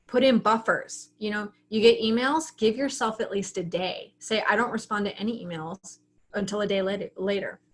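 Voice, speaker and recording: A woman teaching a writing class over a casual livestream, talking in a chatty, frank way. She keeps acting out her own inner thoughts as she goes. Her voice sits at an ordinary middle pitch. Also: brisk, fairly bright tone.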